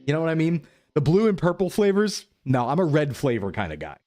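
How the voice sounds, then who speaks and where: Rambling upbeat streamer man, lively pitch. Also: fairly quick. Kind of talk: casual live-stream chat reading viewer messages.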